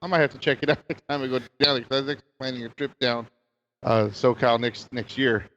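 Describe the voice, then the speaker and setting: A man's voice: medium pitch, steady tone, fast talker, a bit bright. A man from Northern California, a guest on a casual podcast, who hesitates and searches for words with many fillers. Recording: dull echoey remote line.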